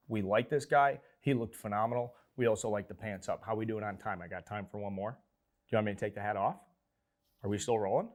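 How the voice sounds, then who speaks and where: Male studio host, live sports talk, excitable, salty, mid-range voice. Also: mid-range voice. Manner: excitable, loud swings, swears casually.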